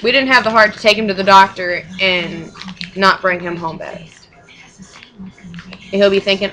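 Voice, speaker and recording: A woman's voice: mid-range voice, fairly even intonation, normal speed, long pauses, pushed and bright, soft background music, low-quality recording. A young mother telling a personal story in casual chat, rambling and frank, with swearing and short laughs.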